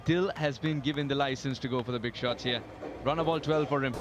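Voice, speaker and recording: A man calling live cricket play-by-play, lively and lifting his voice on big moments. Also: medium pitch, fairly quick, muffled recording, music in the background. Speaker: cricket commentator. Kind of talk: live sports commentary.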